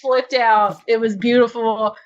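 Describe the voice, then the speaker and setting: A woman co-hosting a casual podcast, gushing excitedly and talking fast with lots of "like". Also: a little high. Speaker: podcast co-host. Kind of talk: casual chat. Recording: dull lo-fi podcast audio.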